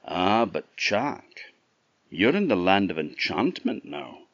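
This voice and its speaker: A man's voice: lowish voice, sing-song, slow, vocal fry, fairly bright tone, no echo, dull audio, exaggerated voice. A man with an Orkney Scottish accent voicing a small, sarcastic male robin in a storybook tale, with a chirpy, teasing manner. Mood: knowing.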